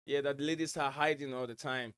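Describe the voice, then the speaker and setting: A man's voice: mid-range voice, steady tone, brisk, fairly bright tone, smooth, no room sound. A man from West Africa with an accent blending West African and American, hosting a casual fan livestream at home and reading viewer messages in a rambling way, with many fillers and repeated words. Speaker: livestream host.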